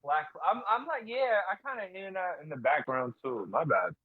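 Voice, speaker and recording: A young man co-hosting a podcast in relaxed, halting, slangy chat. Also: fairly high pitch, breathy edge, dry recording, phone-quality sound. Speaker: podcast co-host. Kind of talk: casual chat.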